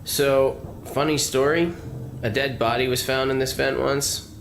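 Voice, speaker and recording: A sulky teenage-style robot assistant from a video game, sounding bored and sarcastic. He trails off dismissively, in a mid-pitched voice. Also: fairly even intonation, unhurried, gravelly, a little hiss or hum.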